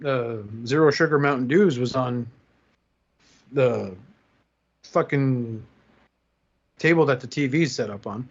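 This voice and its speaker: A swearing, lively man from Jersey City spins a long anecdote on a casual podcast, jumping into the voices of the people in his story. His voice sits at an ordinary male pitch. The audio is slightly dull and muffled. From Jersey City, USA. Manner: profane, animated, acts out quoted dialogue. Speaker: podcast host.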